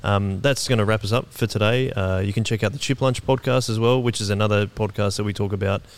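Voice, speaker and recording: A man hosting a podcast, wrapping up the episode in a friendly, relaxed way with a few fillers. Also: lowish voice, fast. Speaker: podcast host. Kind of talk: podcast sign-off.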